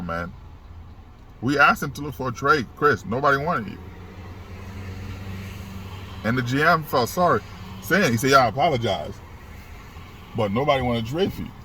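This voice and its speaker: A man giving casual sports commentary outdoors, animated and repetitive, acting out the quoted dialogue in his story. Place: outdoors by a street. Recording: loud street traffic noise. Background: traffic and car rumble.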